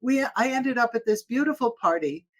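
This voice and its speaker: In a casual interview, a former opera singer, now older, shares stories with lots of laughter. Her delivery is expressive, rising and falling sharply in both pitch and loudness.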